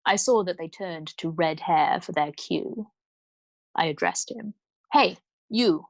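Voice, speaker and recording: A woman storyteller reading a novel aloud in a calm, measured way. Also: fairly low pitch, creaky, dry recording. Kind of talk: bedtime book reading.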